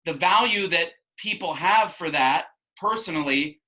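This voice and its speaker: In this low-quality recording, a math teacher explains concepts at an unhurried pace, his voice fairly high, bright and forceful. He keeps restarting and wandering into asides as he instructs the class.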